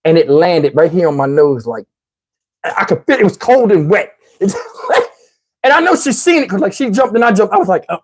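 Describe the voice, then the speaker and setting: A middle-aged man vlogger telling a story to camera in a casual, animated way, with slang, swearing and laughter. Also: high voice, a little fast.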